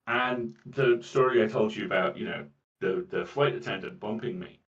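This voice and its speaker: A man with a British accent and a soft, mellifluous voice chats casually as an interview guest, often repeating words as he goes. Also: fairly low pitch, normal speed. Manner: rambling, with frequent repeats of words. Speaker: voice actor guest. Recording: muffled, distant mic.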